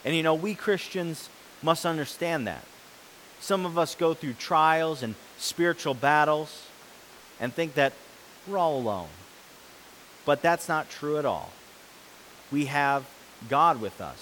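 A man preaching a sermon, reading scripture and explaining it, who swings between loud, forceful passages and soft, quiet ones. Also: a little high, expressive, unhurried, long pauses, slight background noise, rough recording.

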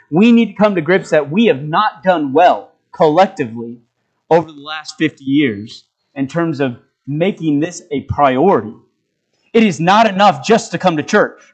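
A man's voice: fairly high pitch, rough recording. A man preaching a sermon, exhorting his listeners with stacked rhetorical questions.

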